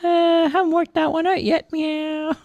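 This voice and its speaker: A woman voicing a sly young female kitten with a very high, squeaky voice, dropping meows into her lines. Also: little pitch movement, measured pace, a little mellow, no room sound, muffled recording.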